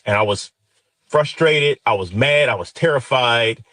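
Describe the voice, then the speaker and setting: A man's voice: mid-range voice, unhurried, pushed and bright, dry recording. Intense man in his fifties telling a story. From Detroit, USA. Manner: intense, emotional, vivid retelling. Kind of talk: personal storytelling.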